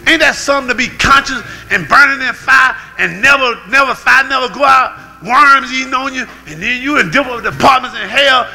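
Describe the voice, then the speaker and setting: A man pastor preaching a sermon, swinging between shouts and low growls. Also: fairly quick, hardly any pauses, in a large hall, poor audio. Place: church sanctuary.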